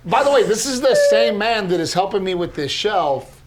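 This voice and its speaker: A man hosting a podcast, telling stories in an animated, casual way and saying "dude" a lot. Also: high-pitched, moderate pace, background noise. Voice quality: animated storyteller, says "dude" often. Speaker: podcast host. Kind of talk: casual chat.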